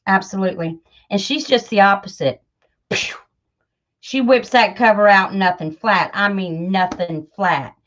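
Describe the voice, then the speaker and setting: Woman crafting host, unhurried, rambly, muffled lo-fi sound. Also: medium pitch, a bit bright. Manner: chatty, self-deprecating, many fillers. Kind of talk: casual livestream chat while crafting.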